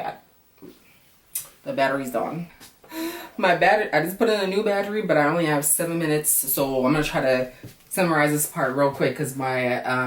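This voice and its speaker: Animated swearing woman in an echoey room. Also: low voice, distant mic. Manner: animated, swears freely, talks to viewers as girl and y'all. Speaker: reality show recap vlogger. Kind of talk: casual profane commentary. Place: home room, camera on battery. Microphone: camera mic from a distance.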